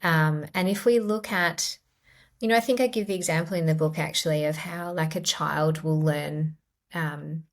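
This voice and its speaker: A middle-aged woman, a clinical psychologist, explaining ideas gently in a podcast interview. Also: low voice, steady tone, normal speed. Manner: gentle, explanatory, acts out quoted inner voices.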